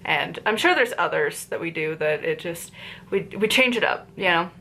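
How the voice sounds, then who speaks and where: A woman's voice: lowish voice, animated, normal speed, creaky, sharp tone, slight background noise. A woman with an Appalachian accent, chatting casually and rambling a bit as she reviews a book on her channel. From Appalachian region of the United States. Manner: chatty and rambling, with frequent fillers and tangents.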